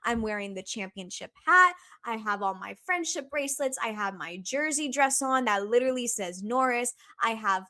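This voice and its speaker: A woman's voice: on the high side, expressive, moderate pace, hardly any pauses, pushed and bright. A young woman telling a story in casual chat as a podcast guest, chatty and profane, full of "like" and "okay".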